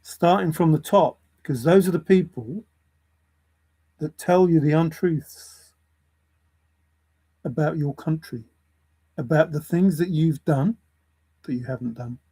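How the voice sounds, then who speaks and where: A man's voice: on the high side, measured pace, pauses often, mellow, slightly rough, low-quality recording. A man ranting to camera in a lecturing way, repeating his points for emphasis. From England. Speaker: vlogger. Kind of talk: opinion rant to camera.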